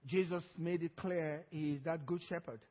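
A man's voice: fairly high pitch, fairly even intonation, slightly rough, big-room sound, dull audio. A man preaching a sermon as pastor, drawing out key phrases and calling on the congregation to answer. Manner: preaching with call-and-response, drawn-out emphatic phrases. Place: church hall.

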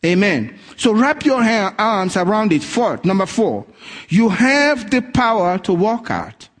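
A man's voice: sits high, unhurried. A man preaching a sermon, telling stories with energy and acting out the voices of the people in them. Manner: animated storytelling, acting out quoted voices. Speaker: pastor.

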